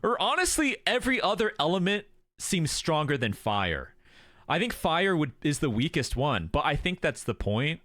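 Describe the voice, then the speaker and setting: A man's voice: fairly high pitch, big pitch swings, normal speed, pushed and bright, dry recording. A young man streaming, chatting casually and reacting to a show as he watches, swearing freely and exclaiming at the screen.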